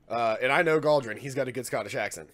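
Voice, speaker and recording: A man's voice: medium pitch, fairly bright tone. Joking man running a dungeon game. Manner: joking, laughs often. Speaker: dungeon master. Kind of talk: running a tabletop game session.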